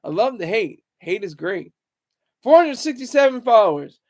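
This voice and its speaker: A young man ranting casually to his viewers, taunting critics in a loud, rambling way. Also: high-pitched, sing-song, moderate pace. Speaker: streamer talking to viewers. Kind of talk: casual livestream rant.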